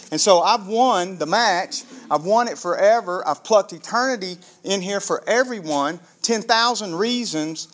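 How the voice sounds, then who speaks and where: A man preaches a sermon, his voice sitting noticeably high for a man. He tells the story with animation, slipping into the characters' voices as he goes. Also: unhurried, hardly any pauses, fairly bright tone. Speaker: pastor.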